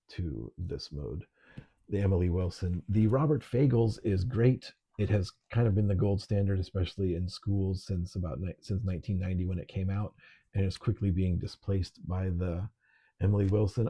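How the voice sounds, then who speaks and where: A middle-aged man teaching an online literature lesson, relaxed and conversational, with frequent ums. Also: deep voice, breathy edge, dull audio.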